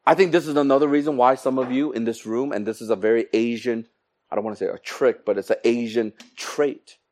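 A man preaching a sermon to his congregation, animated, acting out quoted exchanges with comic voices. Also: mid-range voice, brisk. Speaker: pastor.

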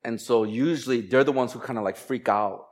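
A man preaching as a pastor, moving from slow, emphatic scripture reading into a chatty, laughing personal story. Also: medium pitch. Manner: conversational, animated storytelling with laughs and quoted voices.

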